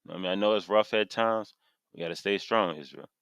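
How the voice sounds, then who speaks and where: A man's voice: sits low, quick pace, a bit bright, clear, resonant tone, no room sound, lo-fi sound. Fired-up preaching man, dry close sound. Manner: impassioned, preachy, reads verses aloud then repeats them with emphasis. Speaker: street preacher teaching scripture. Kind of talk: fiery scripture sermon to camera. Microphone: camera mic.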